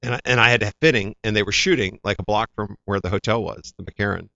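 A man's voice: on the low side, quick pace, gravelly, dry recording, dull audio. A man, an actor, telling stories from his career in a casual interview, acting out the voices of the people he quotes. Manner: animated anecdotes, acts out quoted voices. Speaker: actor, guest.

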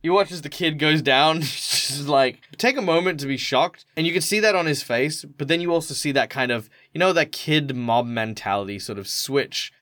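A man's voice: on the high side, moderate pace, few pauses, a bit bright, no room sound. An Australian man narrating a tabletop game as game master, casual and rambling. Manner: rambling, informal, hesitant.

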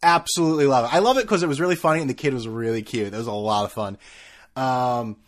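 A fast-talking podcast host with a mid-range voice rambles through a comic story that mocks himself, restarting many times along the way.

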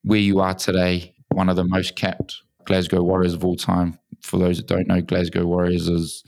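A man's voice: deep voice, monotone, normal speed, creaky, a little mellow, dry recording. A man hosting an interview in an office studio, enthusiastic and matey, often calling his guest mate or bro. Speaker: podcast host. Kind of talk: casual interview.

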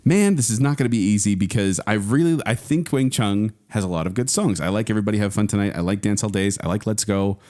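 A man's voice: lowish voice, fast talker, few pauses, a little mellow. A man co-hosting a podcast, chatting casually and laughing often. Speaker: podcast co-host. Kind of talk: casual chat.

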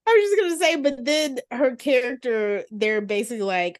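A woman's voice: on the high side, normal speed, hardly any pauses. A woman co-hosting a podcast, casually joking about a film with giggly disbelief. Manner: giggly, incredulous, profane asides. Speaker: podcast co-host. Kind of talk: casual chat reviewing a film.

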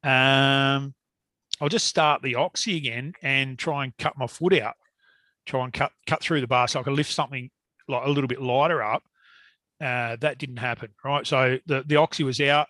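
A man telling a long story in casual chat, animated and swearing freely. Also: mid-range voice, normal speed, no echo.

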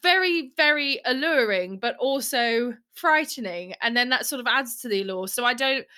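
A young woman with a high, bright voice, talking freely in a casual podcast chat. She is candid and sweary, and she laughs easily as she rattles off her opinions. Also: animated, moderate pace, clear, resonant tone.

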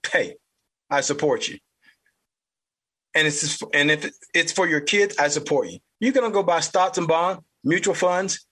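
A man with a Southern US accent, hosting a podcast with blunt, fired-up political commentary, mild cursing and a husky voice. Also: sits high, bright, forceful tone. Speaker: podcast host.

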